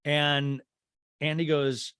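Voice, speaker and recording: A man's voice: a little high, smooth, no room sound. Rambling male podcast host, dry sound. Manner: animated retelling with quick character voices; rambling, lots of fillers. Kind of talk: casual recap of a reality show.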